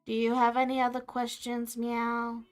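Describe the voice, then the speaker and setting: A woman doing a deadpan talking cat wheel. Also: fairly high pitch, normal speed, smooth, soft background music, lightly acted. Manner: flat, deadpan, ends lines with meow. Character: monotone talking cat-head steering wheel.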